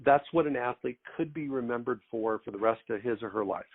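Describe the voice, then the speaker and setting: A middle-aged man hosting a podcast, asking long, deliberate questions. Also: medium pitch. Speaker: podcast host. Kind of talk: interview questions. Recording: tinny phone-like audio.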